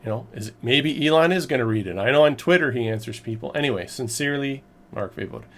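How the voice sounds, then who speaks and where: A man tells his story straight to the camera in a loose, rambling vlog style. His voice sits in an ordinary middle pitch, and his emphatic, exasperated delivery keeps the telling lively. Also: quick pace. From Canada. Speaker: vlogger recounting a purchase.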